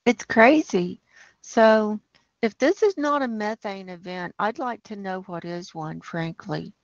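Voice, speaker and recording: A woman's voice: mid-range voice, lively intonation, moderate pace, no echo, highs cut off. A woman hosting a livestream, walking through data maps and growing alarmed, ranting as she goes. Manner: alarmed, ranting, talks over a map. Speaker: livestream host.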